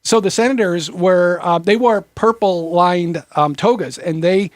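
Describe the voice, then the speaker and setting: A man in a casual group discussion, explaining history in a halting way with many fillers. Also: sits high, no echo, clean studio sound. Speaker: discussion participant.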